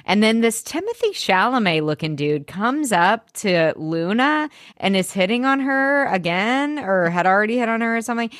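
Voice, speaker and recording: A woman's voice: medium pitch, big pitch swings, normal speed, hardly any pauses, a bit bright, no echo, clean studio sound. A woman co-hosting a podcast, chatting casually and swearing freely as she recaps a TV episode. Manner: chatty, swears freely, acts out characters' lines. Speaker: podcast co-host.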